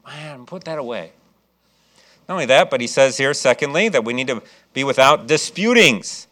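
A man's voice: mid-range voice, lively intonation, moderate pace, sharp tone. A man from Chicago preaching a sermon as pastor, with folksy asides and frequent restarts.

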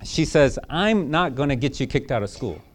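A man delivering a sermon in an easy, folksy storytelling voice, circling back on his words as he goes. He then leans into emphatic, earnest preaching. His pitch sits in an ordinary middle range. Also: sing-song, normal speed.

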